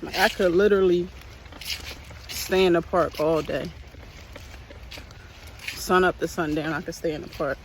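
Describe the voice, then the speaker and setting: A man's voice: on the high side, unhurried, pauses often, a little hiss or hum, low-quality recording. A man casually vlogging outdoors while hiking a park trail, rambling and repeating himself, a little out of breath on the hills. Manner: relaxed, rambling, repeats "like" often. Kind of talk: casual walking vlog.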